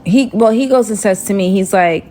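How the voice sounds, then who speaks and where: A young woman telling a dramatic personal story in a chatty, animated way, full of asides. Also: mid-range voice, moderate pace, slight background noise. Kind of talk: casual storytime monologue.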